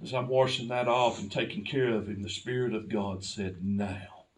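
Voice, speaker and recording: A man's voice: medium pitch, fairly even intonation, normal speed, far from the mic. A man, preaching a personal testimony with impassioned storytelling that builds to fervent cries. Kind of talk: sermon testimony.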